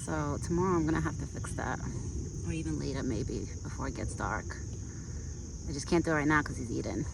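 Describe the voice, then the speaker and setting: A vlogger feeding a deer outdoors, switching between soft, sing-song baby talk to the animal and relaxed, chatty asides to the viewer. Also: mid-range voice, brisk, vocal fry, noisy background. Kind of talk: casual vlog narration mixed with talk to an animal. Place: outdoors in a rural yard. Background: crickets and faint outdoor ambience.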